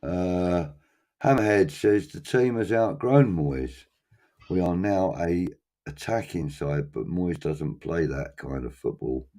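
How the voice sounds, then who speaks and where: A man's voice: sits low, lively intonation, takes it slowly, dark tone. A man hosting a casual fan chat show, reading out viewer comments and talking things through with frequent ums. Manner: chatty, hesitant with many ums.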